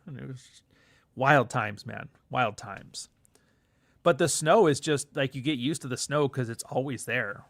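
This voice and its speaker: A man's voice: mid-range voice, fairly bright tone, dry recording. A man from Canada chatting casually on a livestream, rambling and profane, reading out chat comments as he goes. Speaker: livestream host.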